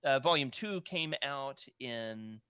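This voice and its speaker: A man's voice: medium pitch, lively intonation, slow pace, bright, forceful tone, clear, resonant tone, dry recording, studio quality. A man co-hosting a casual chat, rambling and correcting himself as he stumbles over names. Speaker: podcast co-host. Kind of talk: casual chat about comic art books.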